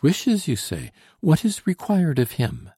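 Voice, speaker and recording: A man reading aloud, voicing an earnest, anxious young French woman with pleading, emphatic rises in his husky, gravelly voice. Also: on the high side, huge pitch swings, unhurried, warm tone, no room sound, clean studio sound, voice pushed up, heavily acted. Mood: eager, emphatic. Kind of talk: audiobook dialogue reading.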